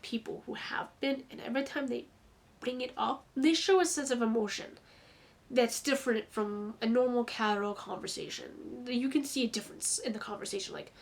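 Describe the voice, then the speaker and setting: High-pitched young woman, casual storytime vlog, chatty, lots of restarts. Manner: chatty, restarts often, quick asides to the viewer. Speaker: vlogger. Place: room in her home.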